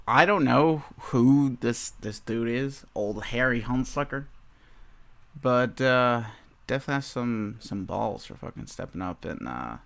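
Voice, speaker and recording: A man's voice: medium pitch, a bit bright. A young man hosting a casual chat about fight picks, rambling, swearing freely and often breaking into laughter. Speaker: host. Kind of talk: casual sports betting chat.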